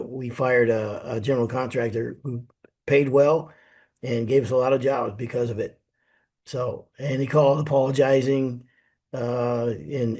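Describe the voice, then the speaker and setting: A man's voice: mid-range voice, warm tone, slightly rough. A man who works as a contractor, speaking plainly in a casual chat with many fillers. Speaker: flooring contractor.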